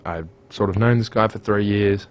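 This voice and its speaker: Brief: Young Australian man, lowish voice, relaxed storyteller, faint room hiss. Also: moderate pace. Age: young adult. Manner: relaxed, storytelling, careful articulation. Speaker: student guest. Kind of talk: casual interview chat.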